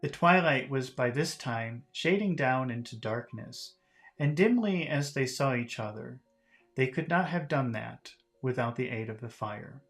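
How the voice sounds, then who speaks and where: A man teaching English, reading a novel aloud and explaining vocabulary in a relaxed way, with many fillers and restarts. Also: medium pitch, measured pace, soft background music.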